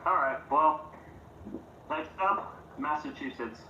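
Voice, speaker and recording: A man's voice: on the high side, slow. A man co-hosting a casual stream chat, easygoing as he keeps the talk moving. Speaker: co-host moving the topics along. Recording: echoey room, dull sound, faint noise.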